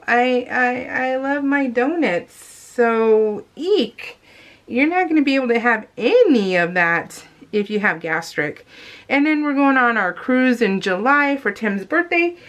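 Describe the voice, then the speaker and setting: A woman with a slightly raised pitch talks in a loose, rambling way, as if chatting with friends. She keeps addressing her viewers directly while she works through a scrapbooking page. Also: fairly bright tone. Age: adult. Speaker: scrapbooking vlogger. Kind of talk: casual chat voiced over crafting.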